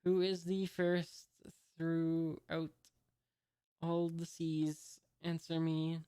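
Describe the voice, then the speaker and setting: Reader voicing a menacing female pirate captain, slow, smooth. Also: mid-range voice. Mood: threatening. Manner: flat reading.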